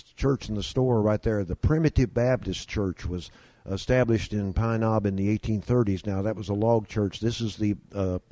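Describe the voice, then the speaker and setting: A man from Kentucky with a dark voice on the low side, recorded with no echo, is a guest telling folksy stories. He drawls as he spins his yarns and takes on the voices of the people in them.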